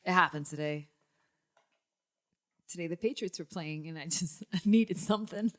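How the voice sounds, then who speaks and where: A young woman hosting a casual podcast, telling a long story and swinging up into high, excited tones. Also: moderate pace. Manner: animated storyteller, jumps to high excited pitch. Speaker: podcast host.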